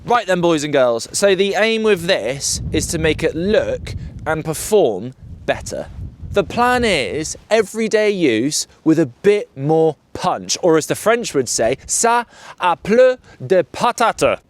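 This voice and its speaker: A man's voice: a little high, very animated, measured pace, slight background noise. A British man chatting to camera about his motorbike, jokey and full of slang and banter. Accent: British English. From United Kingdom. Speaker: motorbike vlogger. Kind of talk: casual chat to camera.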